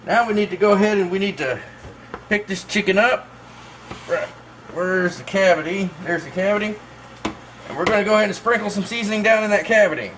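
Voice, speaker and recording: Male cooking host, high voice, laid-back folksy demo delivery. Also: a little fast, pauses often, a little hiss or hum. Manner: relaxed, folksy, talks viewers through each step. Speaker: host of a barbecue cooking channel. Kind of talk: casual cooking demonstration.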